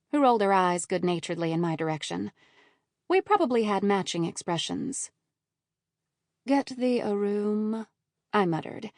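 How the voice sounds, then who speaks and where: A woman reading a first-person romantic comedy audiobook in a measured, lively way, on a close studio microphone. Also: mid-range voice, no room sound. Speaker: audiobook narrator.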